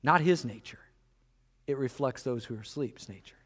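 A man preaching a sermon, acting out back-and-forth dialogue with lively swings in pitch and loudness. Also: moderate pace, husky, long reverb tail. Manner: animated, acts out dialogue with shifts in pitch and loudness. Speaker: pastor.

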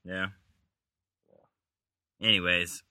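A man's voice: sits low, level tone, drawn-out words, sharp tone, smooth, dry recording. A man chatting about a comic book with a friend, joking, swearing and trying out silly voices. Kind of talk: casual comic book chat.

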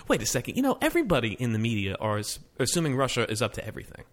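A man co-hosting a casual tech podcast, talking fast and rambling with lots of restarts. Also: medium pitch, very animated, fairly bright tone. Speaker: podcast co-host. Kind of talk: casual tech news chat.

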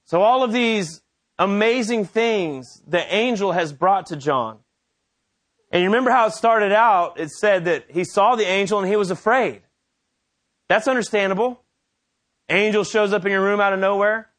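High-voiced, animated male preacher. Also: moderate pace. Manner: animated, conversational storytelling. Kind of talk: sermon.

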